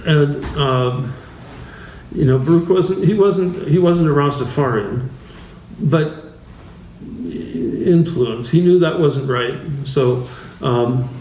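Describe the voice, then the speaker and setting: A bishop teaching a class series speaks slowly and haltingly from far off in a roomy church hall, with faint noise. His fairly high, darkish voice is full of restarts and fillers, and he chuckles often while giving an informal talk with anecdotes.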